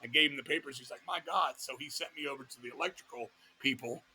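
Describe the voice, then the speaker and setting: At medium pitch, pushed and bright with a slightly rough edge, a middle-aged Virginia man swaps wild stories as a metal vocalist guest. He swears freely, moves fast and acts out quoted voices in animated, casual talk.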